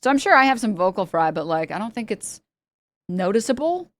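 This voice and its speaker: A woman streamer talks a little fast in a medium-pitched, sing-song voice during a casual live-stream chat. She rambles with lots of fillers and laughs often, and there's no room sound.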